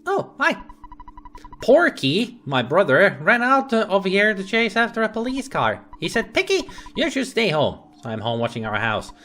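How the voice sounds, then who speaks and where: Brief: a man putting on a high-pitched little boy from a game, chatty, bouncy pitch. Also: wildly swooping pitch, normal speed, bright, forceful tone, exaggerated voice. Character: young neighbor boy left home alone.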